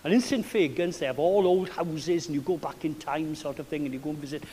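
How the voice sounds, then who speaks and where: A middle-aged man with a South Welsh accent preaching a sermon, chatty and animated, with self-deprecating asides. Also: on the high side, fairly quick, slight background noise. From South Wales. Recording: long hall reverb.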